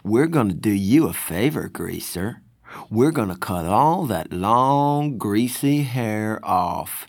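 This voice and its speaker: A man's voice: lowish voice, animated, takes it slowly, no room sound, clean studio sound, full character voice. A man voicing a teenage gang tough who taunts in a falsely over-friendly way, in a storybook reading. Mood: mocking.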